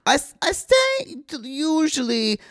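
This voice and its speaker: A man voicing a scheming, world-weary woman cousin named Olga, talking in halting, broken English with dramatic pauses in an improvised comic bit. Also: very high-pitched, huge pitch swings, fairly bright tone, no room sound, clean studio sound, pitched above the performer's own voice, full character voice. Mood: sly.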